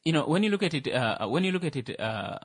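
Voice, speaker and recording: A man's voice: a little high, sing-song, fast talker, breathy edge, no echo. A man from Namibia, co-hosting a casual discussion, hesitant with many fillers and dry sarcastic humor.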